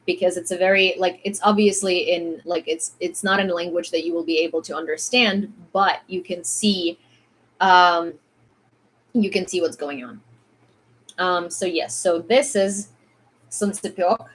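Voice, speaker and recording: This Ukrainian woman speaks English with a mild American-sounding accent, reading the news on a stream and chatting through it with plenty of fillers. Her voice is fairly low, a bit bright and husky, with fairly even intonation at a normal speed. It's a casual news commentary livestream.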